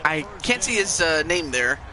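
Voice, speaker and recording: A man's voice: fairly high pitch, sing-song, normal speed, a crowd in the background. A man calling the plays of a football video game with a friend, in a casual style with hesitant fillers. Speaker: co-commentator.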